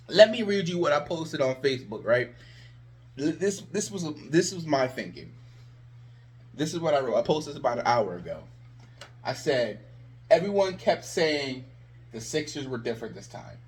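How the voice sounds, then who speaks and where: Male sports vlogger, slightly high voice; sarcastic, exasperated ranting fan commentary. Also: big pitch swings, measured pace, pauses often, slight background noise.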